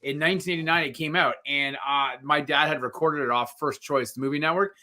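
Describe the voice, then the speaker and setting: Middle-aged male co-host, bright and a little high, animated storyteller who acts out the people in his stories. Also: brisk. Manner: animated storyteller acting out quotes. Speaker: podcast co-host. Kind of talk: casual chat.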